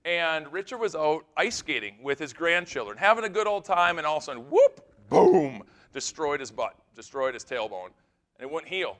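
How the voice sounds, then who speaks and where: A male pastor giving a keynote sermon on a conference stage, telling stories in an animated way that swings between loud bursts and hushed, serious moments. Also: a little high, fairly quick.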